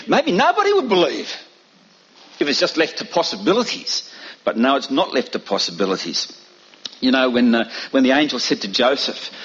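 A man's voice: fairly bright tone, husky, highs cut off. A man preaching a sermon, emphatic and full of rhetorical questions. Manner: emphatic, rhetorical questions, dramatic pitch swings.

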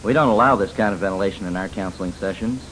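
A man's voice: sits low, quick pace, a bit bright, slight background noise, rough recording. A man teaching about biblical counseling in an emphatic, folksy way, with many fillers and stories. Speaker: Christian counselor lecturing. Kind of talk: teaching lecture.

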